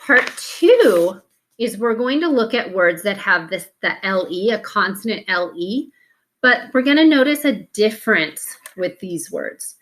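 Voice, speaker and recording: A woman's voice: medium pitch, lively intonation, a little slow, fairly bright tone. A woman teaching a phonics lesson, patiently sounding out letters one at a time and breaking words into syllables.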